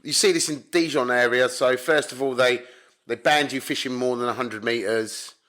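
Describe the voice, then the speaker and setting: A man's voice: mid-range voice, normal speed. Blunt, sweary British man telling fishing stories. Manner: swears a lot, animated and blunt. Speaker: podcast guest, carp angler. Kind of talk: casual storytelling chat. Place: home in Spain.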